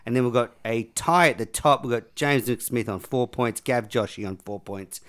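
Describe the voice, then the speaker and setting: A man's voice: mid-range voice, normal speed, fairly bright tone. Man, podcast host, casual quiz banter, joking delivery. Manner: reads quiz questions in a chatty, joking way. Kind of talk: casual chat, quiz hosting.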